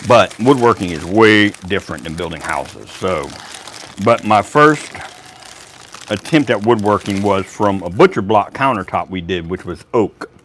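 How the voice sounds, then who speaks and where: Easygoing male woodworking host, unhurried rambling chat. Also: on the low side, animated, fairly bright tone, a little hiss or hum. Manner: laid-back, rambling, laughs often. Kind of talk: casual livestream chat.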